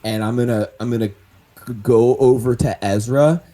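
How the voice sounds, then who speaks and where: A man's voice: mid-range voice, moderate pace, mellow. A man playing his character in a tabletop role-playing game, talking animatedly, laughing and swearing. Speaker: player.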